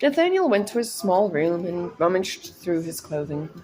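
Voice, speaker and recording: A woman's voice: fairly low pitch, very animated, normal speed, darkish tone. A woman reading her own story aloud in a casual, chatty way, breaking off into personal asides and laughing at her stumbles.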